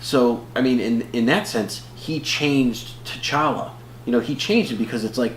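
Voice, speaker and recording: A man's voice: medium pitch, unhurried. Give me a man co-hosting a podcast, talking casually with loads of ums, in an echoey room. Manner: rambling, animated, many fillers and restarts. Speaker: podcast co-host. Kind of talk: casual movie review chat. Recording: roomy echo with faint hum.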